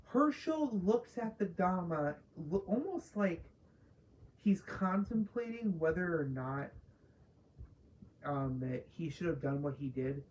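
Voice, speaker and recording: A woman's voice: on the low side, lively intonation, takes it slowly, a little mellow, muffled recording, slight background noise. A woman casually ranting through a spoiler review of a TV episode, profane and exasperated, mocking characters she dislikes. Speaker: TV show reviewer.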